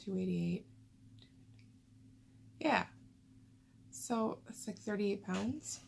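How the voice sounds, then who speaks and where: A woman's voice: medium pitch, very slow, vocal fry, slight background noise. A woman vlogger rambling casually to camera in a chatty way, full of fillers.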